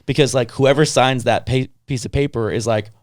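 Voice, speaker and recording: A young adult man co-hosting a podcast, telling a story in a rambling, animated way and acting out what other people said. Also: medium pitch, fairly quick, no room sound, studio quality. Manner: animated, acts out other people's lines in shifting voices; rambling, heavy on filler words and restarts. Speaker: podcast co-host. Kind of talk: casual storytelling chat.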